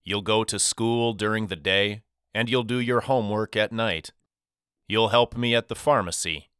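A man voicing a loving, soft-spoken father talking to his two sons in an audiobook. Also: fairly low pitch, normal speed, clean tone, dry recording, clean studio sound, close to an everyday voice. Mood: tender. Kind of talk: audiobook character reading.

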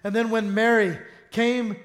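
A man preaching a sermon, reading scripture aloud and commenting on it, swinging from loud fervent passages to soft, low intimate ones. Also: level tone, measured pace.

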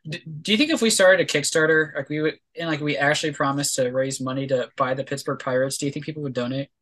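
A man co-hosting a casual podcast, joking around in quick banter. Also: fairly high pitch, a bit bright, rough recording. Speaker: podcast co-host.

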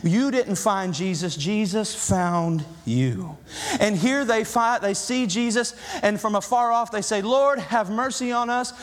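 A man's voice: high voice, measured pace, in a large hall. A man with a Southern American accent preaching a sermon as pastor, with impassioned, repetitive build-ups. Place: church sanctuary.

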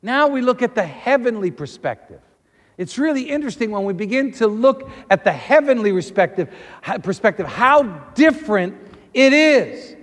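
A male pastor with a high voice delivers an animated sermon in a church hall. He acts out the voices of people he quotes as he goes, and a long reverb trails after his words. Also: normal speed.

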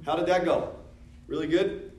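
Heard from a distance in an echoey room, this American man teaches a church discipleship class in a relaxed, conversational style, joking, laughing, and putting questions to the group. His voice sits on the high side, a little mellow, with a steady tone and a moderate pace.

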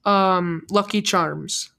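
A woman's voice: fairly low pitch, fairly even intonation, very slow, gravelly, a bit bright. A woman playing a casual guessing game as the contestant, joking and laughing as she talks. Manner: playful, jokey, laughs often.

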